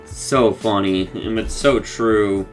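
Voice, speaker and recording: A man's voice: on the low side, takes it slowly, faint music behind. A man casually recapping a cartoon episode, rambling and acting out the characters' lines, laughing often.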